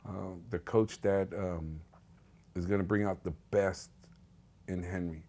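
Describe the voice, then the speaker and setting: A man's voice: low voice, fairly even intonation, unhurried, dark tone. A middle-aged man, a parent, telling stories in a conversational way during a documentary interview. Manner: conversational storytelling. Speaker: parent of an athlete.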